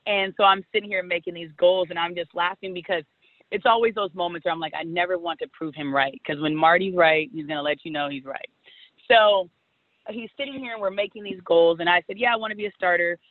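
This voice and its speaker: Brief: thirties woman from California, lively storyteller, sound like a thin phone call, close and dry. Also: on the low side, fairly quick, no echo. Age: 30s. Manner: animated, acts out past conversations. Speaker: guest, former softball player. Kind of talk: storytelling interview.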